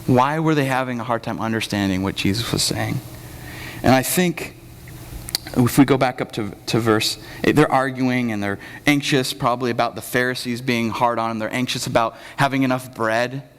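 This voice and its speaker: A young man giving a sermon as pastor, talking casually and joking, acting out quotes in lively voices. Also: mid-range voice, moderate pace. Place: church hall. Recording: long hall reverb.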